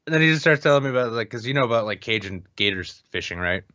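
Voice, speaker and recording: A man's voice: medium pitch, animated, rapid-fire, bright, forceful tone, no room sound, lo-fi sound. A man co-hosting a podcast, chatting loosely and swearing as he rambles through stories. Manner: laid-back, swearing, rambling anecdotes. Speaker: podcast co-host. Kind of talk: casual chat.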